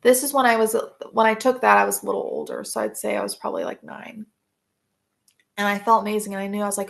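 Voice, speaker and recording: Rambling woman with a gravelly voice. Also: mid-range voice, big pitch swings, fast talker, fairly bright tone. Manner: rambling, many fillers and restarts. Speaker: podcast guest. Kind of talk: casual personal storytelling.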